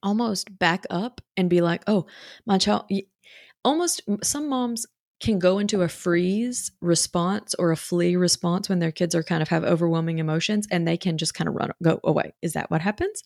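A woman's voice: on the low side, normal speed, gravelly, darkish tone, no echo, clean studio sound. A woman talking as a parenting coach, chatty and reassuring, with lots of fillers. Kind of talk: casual coaching talk.

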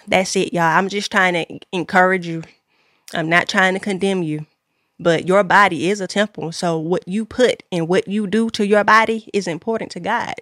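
A woman's voice: medium pitch, moderate pace, pushed and bright, no room sound. Earnest woman exhorting listeners, dry close sound. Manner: earnest, repetitive, preacher-like emphasis. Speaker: podcast host. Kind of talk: faith-based exhortation.

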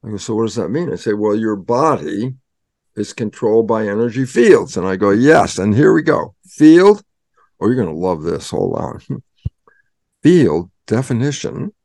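An older man, a guest scientist, explaining in an animated storytelling way and acting out both sides of his own dialogues. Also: fairly low pitch, brisk, vocal fry, no room sound, clean studio sound.

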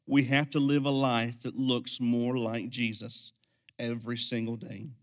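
A man preaching a sermon as pastor, swinging from quiet, intense lines to loud, energetic ones. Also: medium pitch, measured pace.

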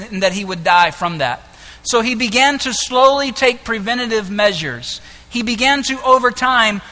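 A man preaching a sermon as pastor, impassioned, moving between hushed lines and loud ones. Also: very high voice. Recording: echoey hall with long reverb.

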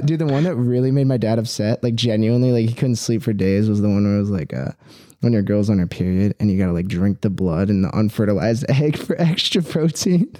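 A man's voice: on the low side, a little fast, mellow, no echo, studio quality. A young man chatting casually as a podcast guest, rambling with lots of "like" and "dude". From Philippine heritage.

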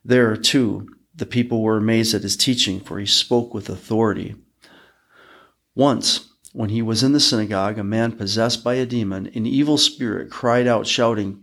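A man hosting a podcast, reading Bible passages aloud in a measured, even way. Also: fairly low pitch, gravelly. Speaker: podcast host reading scripture. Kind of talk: scripture reading.

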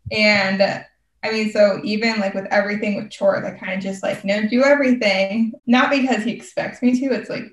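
A young woman chats casually, rambling through a personal story and saying "like" constantly. Her medium-pitched voice is steady in tone and a little fast. The recording sounds roomy, as if she's distant from the mic.

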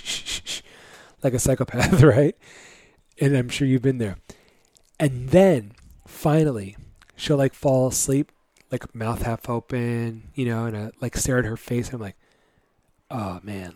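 A man's voice: medium pitch, warm tone, no room sound. A man in his thirties talking candidly and casually, giving motivational advice to other fathers with many fillers. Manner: candid and conversational, lots of fillers.

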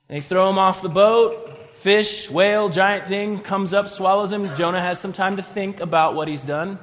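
A man's voice: high voice, normal speed, fairly bright tone, in a large hall. A man preaching a sermon, talking conversationally and acting out scripture stories as he retells them. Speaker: pastor.

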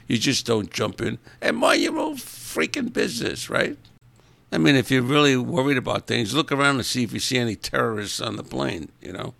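A man with a very low, gravelly voice grumbles through an offhand solo monologue. He rambles from one gripe to the next in an opinionated, chatty way. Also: a bit bright, no room sound. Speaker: podcast host.

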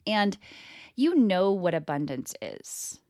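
Bubbly animated woman podcast host. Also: mid-range voice, takes it slowly, no echo, studio quality. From California. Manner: bubbly and animated, chatty with laughs. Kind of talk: casual solo podcast monologue.

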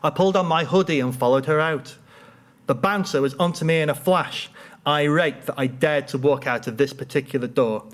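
A man telling a funny personal story with dry, deadpan wit. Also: fairly high pitch, moderate pace.

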